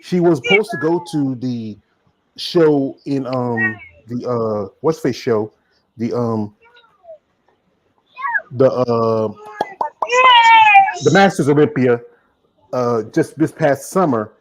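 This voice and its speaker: A man's voice: mid-range voice, slow pace, long pauses, noisy background. Man, southern accent, podcast host, casual rambling talk, lots of fillers. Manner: rambling, many fillers and restarts. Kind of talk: casual chat.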